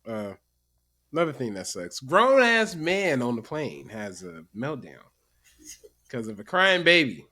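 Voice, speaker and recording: A man hosting a casual podcast chat, animated and profane, laughing often. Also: mid-range voice, unhurried. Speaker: podcast host.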